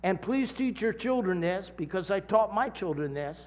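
A man preaching a sermon, telling stories with dramatic shouts and drawn-out emphasis. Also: high-pitched, expressive, in a large hall. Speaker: pastor.

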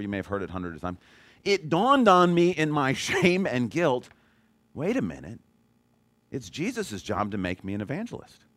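A man's voice: on the low side, a bit bright, dry recording. A middle-aged man preaching a sermon, telling a personal story in a conversational, self-deprecating way. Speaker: pastor.

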